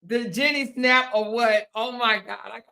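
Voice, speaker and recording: A woman's voice: a little high, normal speed, vocal fry, pushed and bright. A woman in her fifties hosting a casual livestream, reading viewer comments aloud, laughing and fighting the hiccups, calling her viewers honey and girl. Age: 50s. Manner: laughing, drawling Southern-Black-style endearments like honey and girl. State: has the hiccups. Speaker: livestream host.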